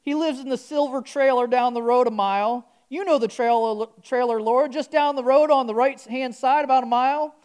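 A woman's voice: high voice, moderate pace, hardly any pauses, a little mellow, clear, resonant tone, lightly acted. A woman playing an earnest praying man with a southern twang, pleading fervently as she tells a story in a sermon. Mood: pleading prayer.

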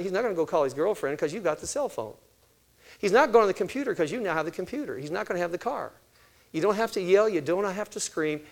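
An older man preaches on raising children in a lively storytelling way, slipping into other voices to act out each exchange. His voice sits a little higher than most men's. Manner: storytelling, acting out quoted exchanges with shifting voice. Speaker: speaker on family ministry. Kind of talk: sermon-style teaching talk.

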